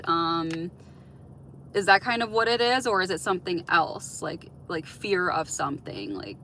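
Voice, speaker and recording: A woman's voice: medium pitch, pushed and bright, slight background noise, rough recording. A woman hosting a casual livestream, chatting with viewers and answering their comments with lots of "like" and "um". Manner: chatty, heavy use of "like" and "um"; open, reflective advice-giving. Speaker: livestream host.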